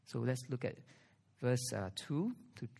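A male pastor delivers a sermon at a middle pitch. He preaches earnestly, pausing often and pushing his voice up to stress key words. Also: expressive, gravelly, a little mellow, husky. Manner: earnest preaching with strong pauses and rising emphasis.

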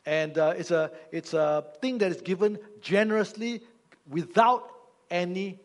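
A man preaches to his congregation in a high, light voice. He teaches with humor and keeps asking the people questions. His words ring out with a long reverb through a church hall. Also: measured pace. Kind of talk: sermon.

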